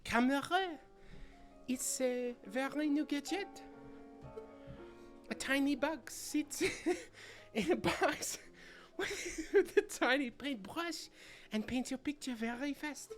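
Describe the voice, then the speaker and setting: A streamer voicing a naive, chirpy young noble lady in a high sing-song put-on voice while playing a story game. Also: slow, soft background music.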